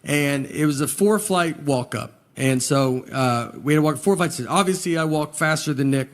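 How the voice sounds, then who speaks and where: A man doing a stand-up comedy set, telling stories in a deadpan, low-key manner. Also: normal speed. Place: live venue with laughing audience. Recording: loud crowd laughter and noise.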